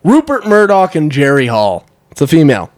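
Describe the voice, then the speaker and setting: A podcast co-host in a casual comedic chat, teasing and swearing while cracking quick jokes. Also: mid-range voice, big pitch swings, no room sound, studio quality.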